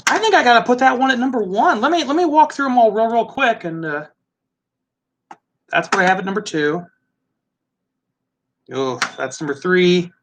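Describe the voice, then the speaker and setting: Bright, high-voiced chatty man. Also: expressive, normal speed, long pauses, slight background noise. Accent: Midwestern American. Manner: chatty, musing aloud, laughs easily. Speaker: host. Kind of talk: casual live tasting chat.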